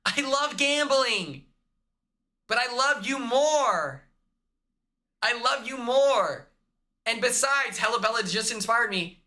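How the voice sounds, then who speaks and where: A man voicing a sweet, devoted young woman in a high falsetto, talking tenderly and earnestly while acting out a scene on a casual live stream. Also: lively intonation, takes it slowly, long pauses, pushed and bright, full character voice. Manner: pleading, then tender and earnest.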